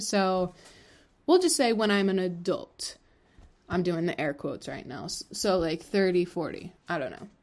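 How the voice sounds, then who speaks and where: Slow-talking young woman, candid and rambling. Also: medium pitch, darkish tone. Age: 20s. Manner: frank, rambling, heavy on fillers and swearing. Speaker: podcast host. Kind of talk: candid solo podcast talk.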